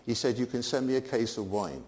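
An older man preaching a sermon, swinging between emphatic peaks and quiet asides. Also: medium pitch, lively intonation, brisk, big-room sound.

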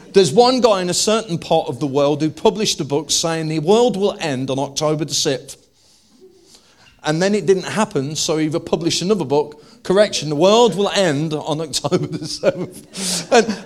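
A high-pitched male preacher whose voice swoops all over as he delivers a humorous sermon to a live congregation. He jokes with the room, then builds to loud, emphatic declarations. The delivery is energetic and expressive throughout.

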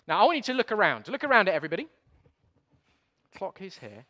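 A man's voice: high-pitched, quick pace. A man preaching a playful sermon, getting the congregation to join in and joking at his own slips. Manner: lively, playful, self-deprecating. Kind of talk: sermon with audience participation. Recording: long hall reverb.

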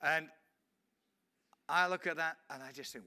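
Bright-voiced evangelist telling a story. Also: male voice, mid-range voice, normal speed, long pauses. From England. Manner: animated storytelling, acts out scenes, frequent restarts. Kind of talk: storytelling sermon.

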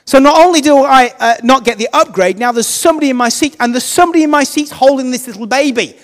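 A man, a vicar, telling a self-mocking, animated personal story in a sermon. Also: very high voice, fast, big-room sound.

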